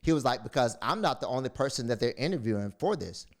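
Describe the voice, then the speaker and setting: A man's voice: medium pitch, expressive, quick pace. Man telling a story, lots of fillers. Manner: storytelling, retelling quotes with many fillers and restarts. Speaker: motivational speaker. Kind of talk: casual monologue.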